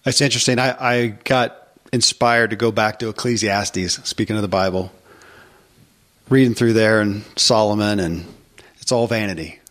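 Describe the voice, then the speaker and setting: A man's voice: on the low side, fairly even intonation, normal speed, a bit bright. Reflective male podcast host. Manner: reflective, searching for words with restarts. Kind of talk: casual interview.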